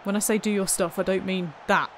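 A woman's voice: medium pitch, steady tone, brisk, slight background noise. A woman commentating on her own gameplay in a wry, chatty way, full of exasperated asides. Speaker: let's play host.

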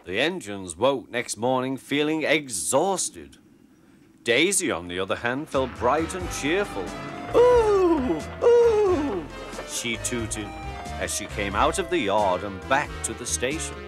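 A man narrating a children's storybook in an expressive, gentle way. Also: mid-range voice, unhurried. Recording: background music.

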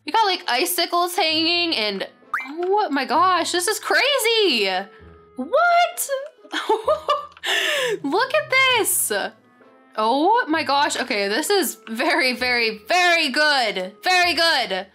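A young woman hosting a game tour, gushing with excitement and saying "very, very" over and over as she chats casually. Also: high-pitched, a little slow. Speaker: gaming channel host. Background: faint background music.

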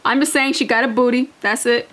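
A woman's voice: a little high, steady tone, fairly quick, a bit bright. A woman hosting a reaction video, talking casually and bluntly, laughing often and swearing freely.

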